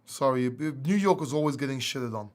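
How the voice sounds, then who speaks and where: A man's voice: mid-range voice, animated, moderate pace. A man hosting a casual livestream Q&A, with a slight Greek accent, reading viewer questions aloud and chatting back informally. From England. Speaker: livestream host.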